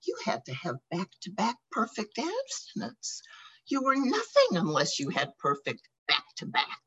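An older American woman sharing her personal recovery story at a meeting, emotional and halting, with laughs and sighs between thoughts. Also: on the high side, wildly swooping pitch, a bit bright, slightly rough, poor audio. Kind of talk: personal testimony.

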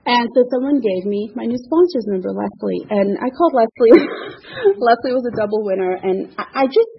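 A woman's voice: a little high, lively intonation, normal speed, creaky. Middle-aged woman, recovery meeting share. Candid, self-mocking testimony; dull recording with light hiss. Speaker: speaker sharing at a recovery meeting. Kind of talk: personal testimony.

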